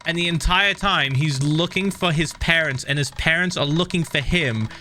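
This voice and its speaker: A man's voice: a little high, moderate pace, sharp tone, a little hiss or hum. A man streaming a game, chatting casually and animatedly, swearing and laughing often. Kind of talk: casual livestream chat while gaming.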